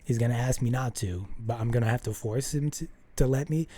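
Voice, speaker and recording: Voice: medium pitch, brisk, mellow. A vlogger telling a rambling personal story to the camera, full of fillers and restarts, often acting out what people said. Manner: rambling, filler-heavy, acts out quoted dialogue.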